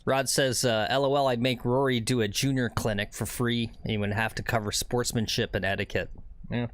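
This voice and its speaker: A man's voice: medium pitch, fairly even intonation, moderate pace, a bit bright. A man hosting a golf livestream outdoors, chatting casually to viewers and rambling, often tagging on "right?". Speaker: livestream host on a golf course. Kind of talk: casual live commentary to chat.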